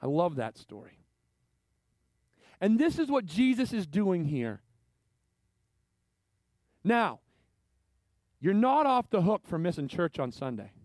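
Man, pastor, sermon, high voice that leaps around a lot, dry close sound. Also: slow pace, long pauses, dry recording. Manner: animated storytelling, acting out quoted voices.

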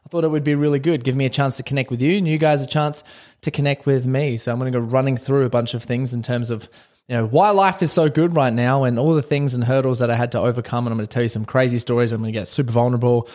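A man, hosting a casual solo podcast as a personal development coach, talking in an excitable, rambling way with restarts and laughs. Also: medium pitch, fast.

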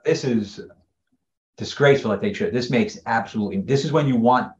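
A man's voice: mid-range voice, fairly quick, a little mellow, muffled recording. A man co-hosting a casual podcast chat, emphatic and critical in his opinions. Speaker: podcast co-host.

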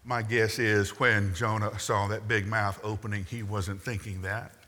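A man's voice: lowish voice, level tone, a little slow, bright, forceful tone. A man preaching a sermon, telling the story with wry asides and acting out the quotes. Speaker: pastor. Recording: long reverb in a large hall.

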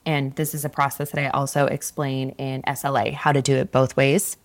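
A woman's voice: a bass voice, little pitch movement, a little fast. A woman hosting a solo podcast, giving candid, conversational coaching advice with an occasional casual swear. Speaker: podcast host, fitness coach.

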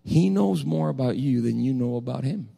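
A man preaching a sermon as pastor, animated and acting out dialogue. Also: medium pitch, normal speed, creaky, slightly rough. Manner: animated, acts out dialogue in different voices.

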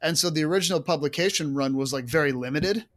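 Podcast co-host, man, slightly high voice, casual and chatty, lots of asides. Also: fast talker. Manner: animated, lots of fillers and asides. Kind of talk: casual chat.

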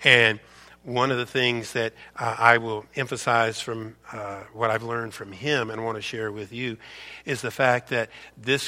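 Bright-toned preacher man. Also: medium pitch. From United States. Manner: emphatic, preachy, repeats words, asks rhetorical questions. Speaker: pastor. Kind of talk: sermon.

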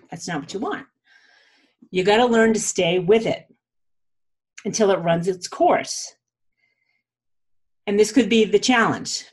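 A woman's voice: medium pitch, slightly rough. A woman teaching a self-help practice in a casual, chatty way, often checking in with "okay?" and speaking candidly and encouragingly about her own struggles.

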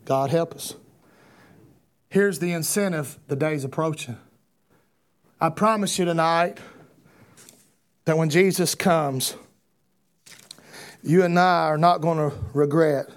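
A man preaching an impassioned sermon, repeating rhetorical questions and building to shouts. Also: fairly high pitch, takes it slowly, long pauses.

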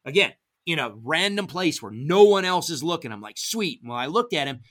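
At normal speed, a middle-aged man shares hunting stories as a guest on a podcast, casual and lively in delivery. He brings quoted dialogue to life with big leaps in pitch.

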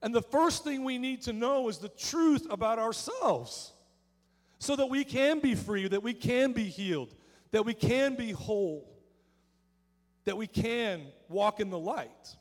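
A male pastor preaching a sermon in earnest, slowing down on key words for emphasis. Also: extremely high pitch, expressive. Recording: church hall with long reverb.

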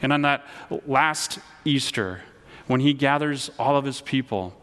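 A man's voice: mid-range voice, measured pace, fairly bright tone. A man preaching a sermon as pastor, earnest, often repeating words and leading his listeners in call-and-response. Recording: long hall reverb.

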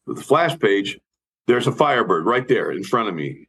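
A man's voice: fairly low pitch, sing-song, moderate pace, gravelly, pushed and bright, breathy edge, poor audio. A middle-aged or older man, a guitarist guest, telling a long casual story with many fillers and restarts.

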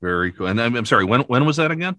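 A man's voice: mid-range voice, expressive, rapid-fire, pushed and bright, no echo. A man hosting a casual interview, joking easily with his guest. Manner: joking, easygoing. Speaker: podcast host.

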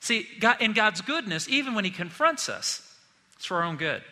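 A man preaching a sermon as pastor, telling stories in a lively, joking way. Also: high voice, normal speed, in a large hall.

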